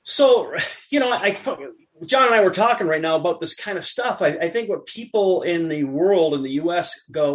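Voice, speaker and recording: A middle-aged man, a podcast guest, chatting casually and telling an animated anecdote while acting out what others said. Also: high-pitched, moderate pace. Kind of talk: casual chat, storytelling.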